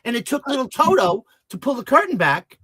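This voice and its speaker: A man's voice: very high-pitched, big pitch swings, a little fast, bright, forceful tone, slightly rough, dry recording. A man hosting a talk show interview, chatty and storytelling, often restarting his sentences.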